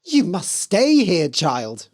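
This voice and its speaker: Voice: medium pitch, wildly swooping pitch, takes it slowly, darkish tone, voice pushed up, full character voice. A storyteller voicing the friendly mother of the moon in a fairy tale, speaking in a motherly, inviting way.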